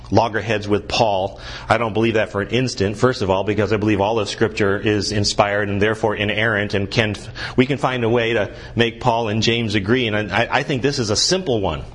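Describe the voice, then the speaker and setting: A man's voice: a bit bright, slightly rough. A man preaching a sermon as a guest pastor, asking the congregation questions and building to emphatic points. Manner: earnest preaching, rising in pitch and intensity when pressing a point.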